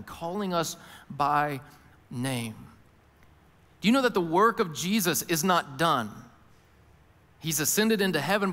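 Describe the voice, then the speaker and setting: A male pastor preaching a sermon, who moves between hushed, intimate lines and loud, emphatic ones and often speaks in the first person as the people he describes. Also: sits high. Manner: voices Jesus and worried listeners in first person. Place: church auditorium. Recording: long hall reverb.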